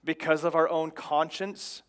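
A man's voice: on the high side, fairly even intonation, a little slow, smooth. A man in his thirties preaching a sermon in an earnest, exhorting way, pressing his points with repeated phrases. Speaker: pastor.

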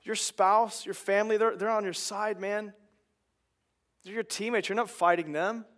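High-voiced man preaching emphatically. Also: steady tone, moderate pace, a bit bright. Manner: emphatic, conversational preaching with rising intensity. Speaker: pastor. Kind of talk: sermon.

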